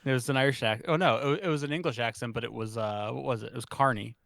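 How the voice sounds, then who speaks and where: A man co-hosting a podcast, chatting casually, rambling and joking and quick to laugh. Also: medium pitch, vocal fry, a bit bright. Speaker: podcast co-host. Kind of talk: casual chat.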